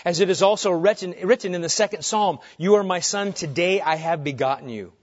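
Man, preacher, expository sermon, dramatic loud-soft swings, slightly high voice, dull lo-fi sound. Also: a little fast. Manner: dramatic shifts between booming emphasis and hushed calm.

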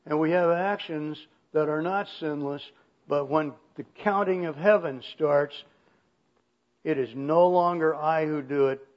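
Preaching expository style, this man speaks with force, lifting his voice higher and louder whenever a point matters. The recording has a lo-fi quality.

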